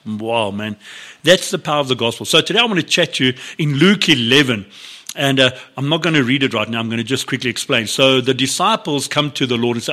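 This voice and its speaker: Animated preaching man. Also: mid-range voice. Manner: animated storytelling, acts out biblical dialogue with laughs. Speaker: pastor. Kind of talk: sermon.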